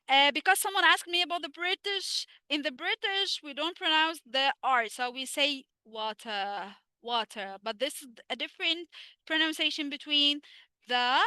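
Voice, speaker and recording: A woman's voice: high-pitched, sharp tone, no echo, studio quality. An Egyptian woman teaching an online English lesson, switching between Arabic and English, quizzing her students with questions and answering them herself.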